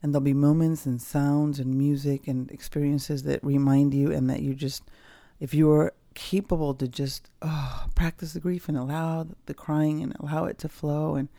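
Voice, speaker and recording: A woman's voice: deep voice, level tone, moderate pace, creaky, hardly any pauses, mellow, dry recording. A woman hosting a personal podcast from home, talking candidly in a rambling, reflective way with many fillers and restarts. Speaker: podcast host. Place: at home, dogs nearby.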